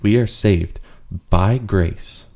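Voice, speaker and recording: A man with a very low, warm, mellow voice teaches a Bible study on his podcast. He explains in an earnest way and goes back over his points to drive them home. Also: very slow. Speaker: host.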